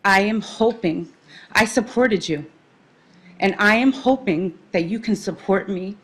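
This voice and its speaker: Mom at a council mic, emotional, pleading, asking them to reconsider. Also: female voice, mid-range voice, unhurried, fairly bright tone, husky. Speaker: parent speaking at public comment. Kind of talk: public comment plea. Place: town council meeting room.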